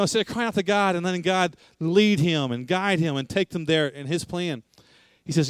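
Emphatic preacher with a higher voice. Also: male voice, moderate pace, clean tone, no echo. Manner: emphatic, repetitive, asks rhetorical questions. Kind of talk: sermon.

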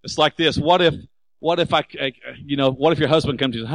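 A man preaching a sermon, animated and asking the congregation rhetorical questions. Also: fairly high pitch, fast, rough recording. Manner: acts out quoted voices. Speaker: pastor.

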